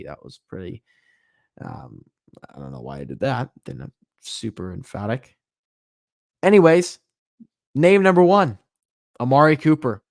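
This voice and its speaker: A man's voice: medium pitch, no room sound. A young man hosts a sports podcast on his own, firing off emphatic questions and correcting himself as he goes. His voice sits in a middle register. The recording is dry and close, with no room sound. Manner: animated, emphatic questions, self-correcting asides. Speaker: podcast host. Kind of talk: solo sports podcast talk.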